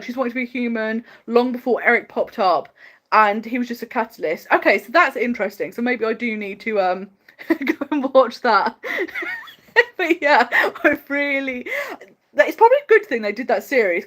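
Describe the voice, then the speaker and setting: A woman hosting a casual livestream chat, opinionated and quick to laugh, talking in a chatty, fast-flowing way full of "like" fillers. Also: on the high side, a bit bright. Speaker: livestream host.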